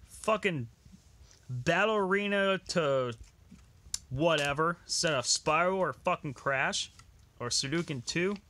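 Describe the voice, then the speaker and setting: A man's voice: fairly high pitch, a little slow, pauses often, bright, forceful tone, a little hiss or hum. A young man ranting angrily about a list of video games, swearing constantly. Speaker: gaming vlogger.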